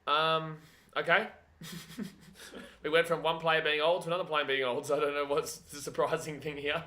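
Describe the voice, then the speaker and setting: A man hosting a live watch-along of a rugby league match, chatting casually and getting excitable, at times yelling at the screen. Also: on the high side, normal speed, long pauses.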